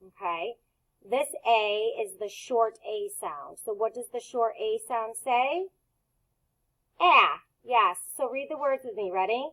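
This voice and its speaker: A woman teacher leading a recorded phonics lesson for young students, speaking slowly and clearly and pausing for answers. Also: fairly high pitch, a bit bright, poor audio.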